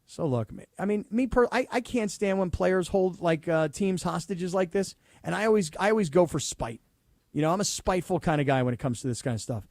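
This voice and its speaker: High-voiced sarcastic sports radio man. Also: fairly quick, no echo, clean studio sound. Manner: animated, mocks players with sarcastic impressions. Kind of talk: sports talk radio banter.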